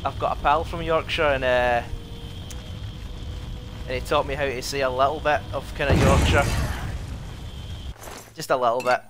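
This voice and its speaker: A man's voice: mid-range voice, steady tone, background noise. Sweary Scottish man streaming a game. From Scotland. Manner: chatty, sweary, quick to curse at enemies. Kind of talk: casual live gameplay commentary.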